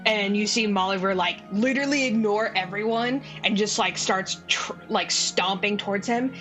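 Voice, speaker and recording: A woman's voice: mid-range voice, normal speed, over music, poor audio. A woman game master narrating a tabletop game in a casual, filler-heavy way, swearing freely.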